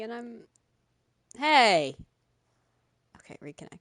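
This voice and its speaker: A woman's voice: a little high, moderate pace, creaky, long pauses, fairly bright tone, no echo. A young woman streamer chatting casually with her live chat, often laughing. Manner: chatty, giggly, talks to chat.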